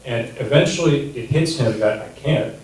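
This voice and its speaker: A man in his thirties doing a stand-up comedy set, crude and self-deprecating with a deadpan delivery. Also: mid-range voice, moderate pace. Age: 30s. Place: comedy club stage. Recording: echoey distant room recording with noise.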